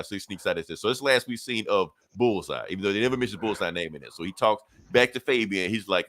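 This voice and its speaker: A man's voice: lowish voice, animated, quick pace, few pauses, fairly bright tone, no echo. A man casually retelling a comic book story on a podcast, acting out the characters' lines and laughing often. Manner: loose storytelling, acts out quotes, laughs often. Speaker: podcast co-host.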